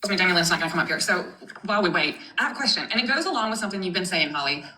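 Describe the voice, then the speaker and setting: A woman's voice: fairly low pitch, animated, very fast, sharp tone, reverberant, poor audio. A woman hosting a live stream in casual chat, frank and chatty, swearing now and then.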